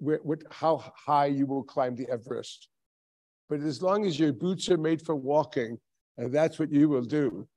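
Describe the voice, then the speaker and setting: A man's voice: on the high side, warm tone. A man in his seventies, a rabbi giving a sermon, telling stories with frequent chuckles and rhetorical questions. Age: 70s. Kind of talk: Tisha B'Av sermon.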